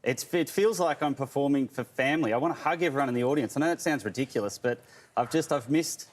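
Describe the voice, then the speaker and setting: An Australian man, a comedian guest, chatting casually and jokingly on a TV studio couch with quick bursts and restarts. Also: mid-range voice. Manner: upbeat, jokey, talks in quick bursts with restarts. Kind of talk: casual TV interview chat.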